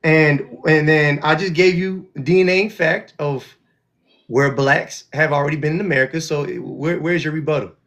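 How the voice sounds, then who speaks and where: A man hosting a live call-in stream, arguing with callers in an animated way and often repeating and restarting his words. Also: a little high, normal speed. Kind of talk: casual debate with callers.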